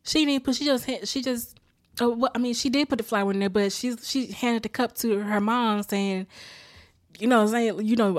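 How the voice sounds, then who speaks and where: A woman's voice: on the high side, normal speed, no room sound. Woman ranting with profanity, dry sound. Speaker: TV episode reviewer. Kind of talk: casual reaction recap.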